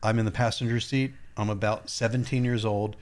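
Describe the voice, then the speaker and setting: A man's voice: fairly low pitch, steady tone, brisk, darkish tone. A man, a therapist co-hosting a podcast, reflecting in casual talk and telling wry anecdotes. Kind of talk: casual conversational storytelling.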